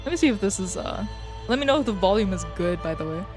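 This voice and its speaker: A woman's voice: mid-range voice, animated, fast talker. A young woman streamer chatting casually with her viewers, swearing freely and venting, with faint music behind her.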